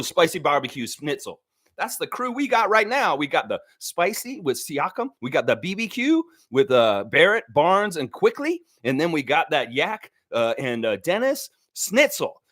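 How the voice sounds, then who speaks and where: A man hosting a live fan stream, talking in an animated, joking way and addressing players directly. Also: mid-range voice, moderate pace, no room sound, studio quality. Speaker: fan show host.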